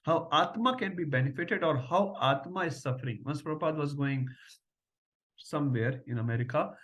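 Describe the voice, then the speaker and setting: A middle-aged man gives a devotional scripture lecture. His voice sits a touch higher than most men's. He teaches through stories and keeps checking in with a questioning "huh?". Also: a little fast, a bit bright. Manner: storytelling, often adds a questioning "huh?".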